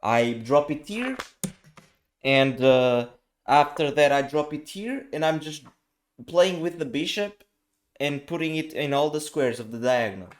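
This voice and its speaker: A young man casually recapping his own chess tournament game, telling the story in an animated, exasperated way full of slang and acting out what was said. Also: on the high side, a little slow. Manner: animated, exasperated, slangy, acts out quoted lines.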